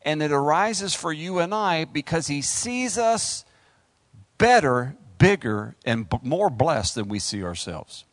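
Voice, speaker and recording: A middle-aged male pastor preaching a sermon, animated, acting out voices and talking straight to the congregation. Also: on the high side, a little slow, no echo, clean studio sound.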